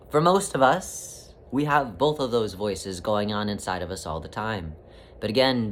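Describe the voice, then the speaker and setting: A man giving a spiritual talk, speaking as a collective "we" in a flowing, repetitive, gently teasing way. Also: mid-range voice, a little hiss or hum. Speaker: spiritual teacher.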